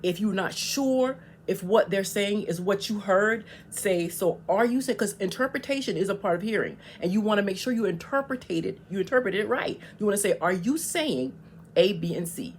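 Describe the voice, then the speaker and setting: A woman's voice: medium pitch, lively intonation, moderate pace, a little hiss or hum. A woman vlogger giving casual, emphatic advice on communication, often checking in with "okay?".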